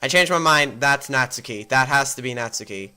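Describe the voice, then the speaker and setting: A man's voice: mid-range voice, fairly quick, bright, forceful tone, smooth. A man doing let's play commentary and reading game text aloud, rambling and correcting himself as he goes. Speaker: gamer.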